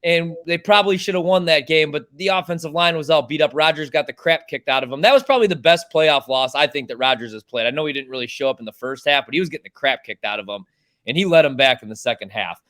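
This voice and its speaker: A man's voice: fairly high pitch, quick pace, a bit bright. A man co-hosting a casual sports-picks podcast, ranting in a heated way and swearing freely as he argues his picks. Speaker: podcast co-host.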